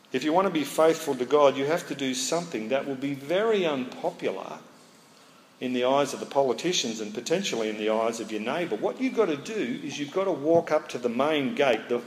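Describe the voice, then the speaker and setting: Preacher in an echoey hall. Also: male voice, medium pitch. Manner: lively, acts out scenes in funny voices. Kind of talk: expository sermon. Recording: echoey hall, faint room noise.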